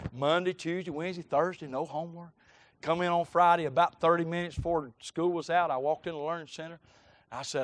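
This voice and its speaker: A man's voice: a little high, a little fast, a bit bright. A middle-aged man, a preacher leading a teachers' workshop, talking in a folksy, chatty way with colloquial grammar and storytelling asides.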